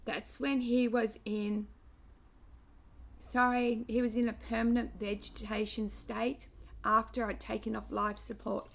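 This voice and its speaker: A woman in her sixties talking through memories in a personal vlog, reflective and wandering, pausing and restarting as she goes. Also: on the high side, creaky, a little hiss or hum. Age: 60s. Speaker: vlogger.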